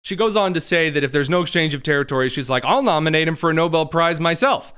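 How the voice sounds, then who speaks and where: A man hosting a political commentary show, talking in a quick, mocking way with jokey asides. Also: fairly high pitch, expressive, fairly bright tone, clear, resonant tone. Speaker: host.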